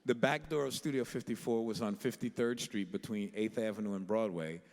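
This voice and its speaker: A man in his sixties telling an animated story on a panel stage, laughing as he goes, with many restarts. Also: fairly low pitch, fairly quick. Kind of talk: live storytelling to an audience. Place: large auditorium stage. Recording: reverberant hall, live stage mic.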